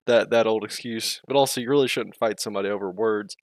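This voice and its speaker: A man's voice: fairly low pitch, fairly even intonation, quick pace, no room sound, clean studio sound. Rambling, scatterbrained male streamer. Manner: scattered, self-interrupting, swears a lot, laughs often. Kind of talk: casual rambling chat.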